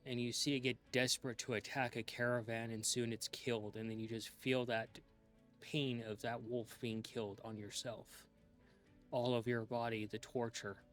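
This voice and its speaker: As game master of a tabletop role-playing game, a man narrates a dark scene slowly, in a hushed, drawn-out storytelling manner. His voice is medium-pitched and level, with faint music behind.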